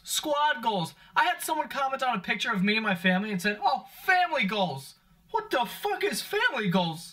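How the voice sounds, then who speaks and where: A man's voice: high voice, fairly bright tone. A young man hosting a vlog, ranting to camera in a comedic, profane, exasperated way. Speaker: vlog host.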